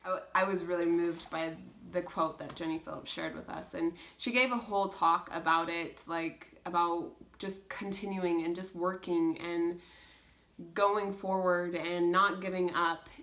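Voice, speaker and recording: A young mother chats to the camera about homeschooling in an earnest, rambling way, looping back with restarts and filler words. Her voice sits a little low for a woman. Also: steady tone, a little slow, fairly bright tone. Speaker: homeschooling mom vlogger. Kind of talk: casual chat.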